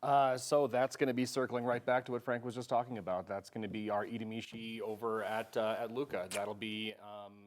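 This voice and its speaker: A man on a TV show, a member of restaurant staff, speaking in a flat, low-key way. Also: brisk, few pauses.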